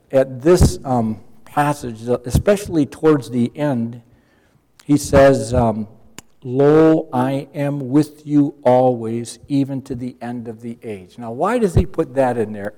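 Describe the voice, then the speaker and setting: A man's voice: on the high side, warm tone. A man preaching a sermon as a pastor, explaining scripture patiently and with earnest emphasis. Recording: long hall reverb.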